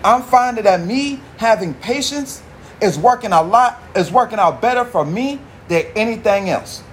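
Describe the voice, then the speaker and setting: A man's voice: sits high, lively intonation, normal speed, a little hiss or hum. A man hosting a podcast, talking alone in a casual, rambling, profane way, full of slang and swearing. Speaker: podcast host. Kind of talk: casual monologue.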